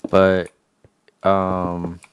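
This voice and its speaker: Man, deep voice, gaming livestreamer, casual slangy rant, faint keyboard clicks. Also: completely flat delivery, drawn-out words, slight background noise. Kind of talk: casual chat while gaming.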